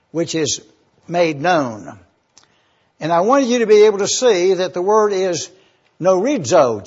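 A man teaching the Bible verse by verse, deliberate and careful, spelling out words letter by letter. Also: high voice, darkish tone, husky, muffled recording.

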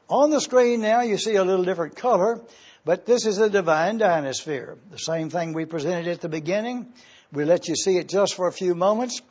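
A man preaching an expository sermon as pastor, speaking slowly and deliberately and spelling out Greek words letter by letter. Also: high-pitched, a little mellow, breathy edge, highs cut off.

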